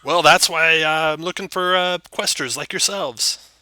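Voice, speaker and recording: A man's voice: measured pace, smooth, no room sound. Brief: man putting on a fretful, raised-voice townmaster in a tabletop game, hesitant, dry close sound. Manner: higher, louder, hesitant and fretful. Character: nervous male townmaster hiding behind a door.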